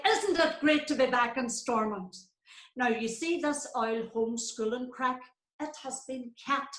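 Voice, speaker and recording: A woman's voice: high-pitched, a bit bright. A woman doing a chirpy politician. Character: brash Northern Irish woman politician addressing the Assembly. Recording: echoey room.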